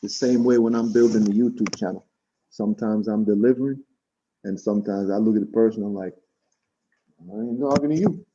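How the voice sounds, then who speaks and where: Jamaican-born man, mellow low-middle voice, animated storyteller, dull call audio. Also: a little fast, a little hiss or hum. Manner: chatty, animated, quotes people in raised voices. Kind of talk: casual storytelling on a video call. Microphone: video call.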